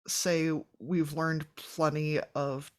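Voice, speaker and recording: A woman hosting a podcast, asking a guest measured, thoughtful questions. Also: deep voice, little pitch movement, clean tone. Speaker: podcast host. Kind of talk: casual interview chat.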